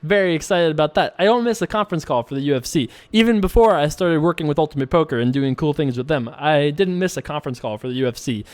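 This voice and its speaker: Chatty joking man, slightly high voice. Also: expressive, quick pace, hardly any pauses. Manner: chatty, joking, laughs often. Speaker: poker vlogger. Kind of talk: casual commentary while playing online poker.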